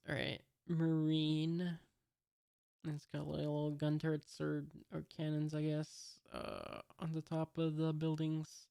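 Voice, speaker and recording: A man reading a comic for the first time and commenting as he goes, halting and musing, with many fillers. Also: on the high side, vocal fry, a little mellow, clear, resonant tone, no echo, clean studio sound. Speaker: comic reader.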